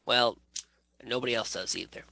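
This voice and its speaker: A man hosting a casual comedic wrestling reaction show, animated and jokey, laughing often as he talks close to the mic. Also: medium pitch, moderate pace, vocal fry, dry recording, rough recording.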